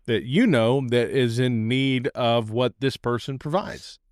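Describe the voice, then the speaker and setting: A man hosts a podcast in a relaxed, easygoing chat, often laughing. His voice sits at a middle pitch. The recording is dry and close. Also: a little slow, no echo. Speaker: podcast host. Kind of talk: casual chat. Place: outdoor patio.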